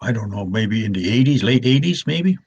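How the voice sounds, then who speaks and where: An older man, an elder telling stories in a gentle, slow way, often restarting his words, with a husky voice. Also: medium pitch, animated, dull audio. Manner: soft, slow and repetitive, with many restarts. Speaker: elder storyteller. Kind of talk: gentle storytelling talk.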